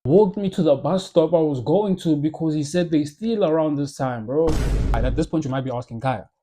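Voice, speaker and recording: A young South African man telling stories in a comedic monologue, animated and full of slang and loud jokes. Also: fairly high pitch, brisk, noisy background. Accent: South African English. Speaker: comedy YouTuber.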